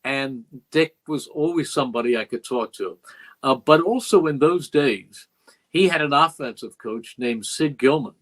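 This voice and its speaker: A man's voice: mid-range voice, normal speed, a bit bright, rough recording. An older man, a longtime play-by-play broadcaster, telling stories as a guest in a podcast interview. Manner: reflective, emotional retelling with quoted dialogue. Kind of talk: interview storytelling. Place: podcast studio.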